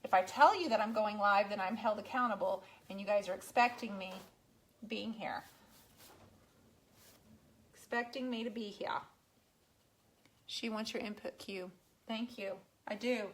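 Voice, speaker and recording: A woman's voice: medium pitch, normal speed, pauses often. A woman painting furniture on a live stream from her home garage, chatting and teasing her viewers as she works. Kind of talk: casual live-stream chat.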